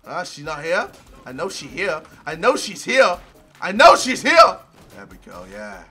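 A young man giving loud, profane gameplay commentary, shouting and yelping at the game. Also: fairly high pitch, huge pitch swings, a little slow, husky, faint music behind. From England. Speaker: gaming video creator.

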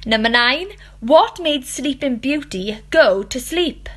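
A woman teacher reading out fairy tale quiz questions and answers, slow, clear and expressive. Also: high-pitched.

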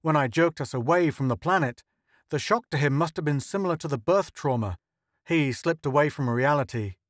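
An earnest, thoughtful scientist who explains at length in a slightly high voice, as a male narrator plays him. The sound is dry and close. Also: a little fast, dry recording, close to an everyday voice.

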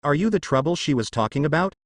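Man voicing a weary village chief, cautious, measured questions, animated pitch. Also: no echo, studio quality. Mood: cautious questioning. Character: weary adult male village leader, cautious.

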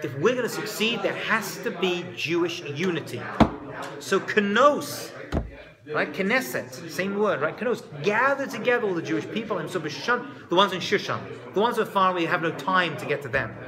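A man giving a lively lecture that retells a biblical story, talking conversationally and dropping joking asides. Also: high-pitched, normal speed, over music. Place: live talk before an audience. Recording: live talk with audible audience.

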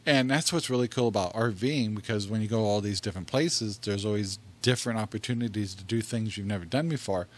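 A man's voice: on the low side, fairly quick, hardly any pauses. A middle-aged man co-hosting a casual podcast, telling stories in a rambling, chatty way with frequent laughs and restarted sentences into a desk microphone. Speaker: podcast co-host.

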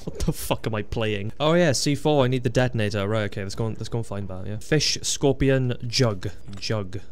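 A young man giving casual gameplay commentary as a video host, excitable and sweary, laughing often and yelping at surprises. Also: lowish voice, fairly quick, a little hiss or hum.

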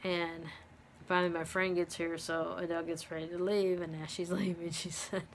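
Middle-aged woman, halting storyteller, lowish voice. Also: little pitch movement, slight background noise. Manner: halting, many ums and restarts. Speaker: vlogger living with dementia. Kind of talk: personal storytelling.

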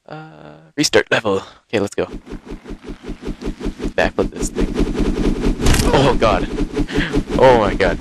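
A man giving live, excitable commentary while playing a game, exclaiming and gasping often, recorded on a headset. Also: fairly low pitch, gravelly, background noise. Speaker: gaming video host.

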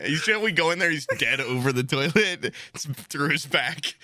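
Young male podcast host, bright voice, dry sound, animated, laughs through his stories, swears freely. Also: a little high, unhurried, no echo. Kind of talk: casual chat.

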